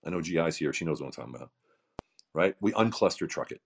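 A man's voice: very deep voice, expressive, fast talker, creaky, slightly rough. A middle-aged man giving emphatic motivational podcast talk, full of repetition and rhetorical questions. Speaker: founder of a coaching program, podcast guest.

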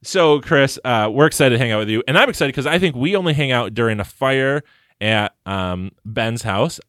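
A man's voice: medium pitch, animated, normal speed, fairly bright tone, no echo, studio quality. A man co-hosting a podcast, teasing and chatting casually with a guest. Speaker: podcast co-host. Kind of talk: casual chat.

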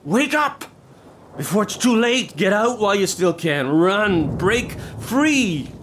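An actor playing a bitter, drunken middle-aged estate manager, rambling and self-pitying in a stage drama. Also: male voice, on the low side, sing-song, slow pace, creaky, a little hiss or hum, full character voice. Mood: urgent. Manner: rambling, melancholy, pleading.

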